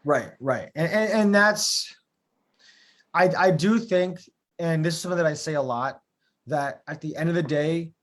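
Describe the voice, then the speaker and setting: A man hosting a live interview show, with his voice pitched a little high. He speaks emphatically and often underlines his own views. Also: normal speed, a bit bright. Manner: emphatic, shares strong opinions. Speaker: host of a live talk show. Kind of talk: conversational interview.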